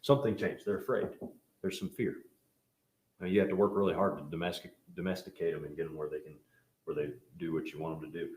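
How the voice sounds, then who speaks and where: A man teaching a Bible class in a casual, joking way, telling animated stories. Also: deep voice, quick pace, echoey room.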